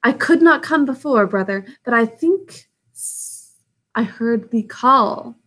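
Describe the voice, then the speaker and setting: A woman voicing a huge, powerful python who speaks slowly and with command in a storybook reading. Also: fairly high pitch, expressive, fairly bright tone, full character voice. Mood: calm. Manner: slow, drawn-out hiss.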